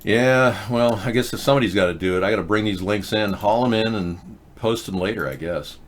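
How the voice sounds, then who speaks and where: A man's voice: lowish voice, fairly quick, a little hiss or hum. A man hosting a live-stream show, talking in a rambling, sarcastic way with frequent restarts. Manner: rambling, sarcastic, self-interrupting. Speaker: host. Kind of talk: casual live-stream commentary.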